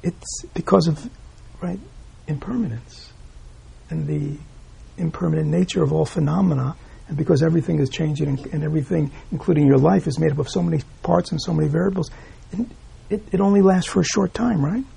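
A man's voice: on the high side, a little fast, creaky, dark tone, a little hiss or hum. A man giving a Buddhist dharma talk, asking rhetorical questions and tagging "right?" onto his points with small chuckles. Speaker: Buddhist teacher.

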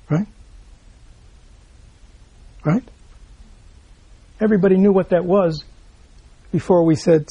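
A man gives a Buddhist dharma talk, reading a teaching aloud and explaining it. He often checks in with "right?", repeats himself, and slips into soft asides. His voice is high-pitched, slow, and slightly rough, with long pauses and no room sound.

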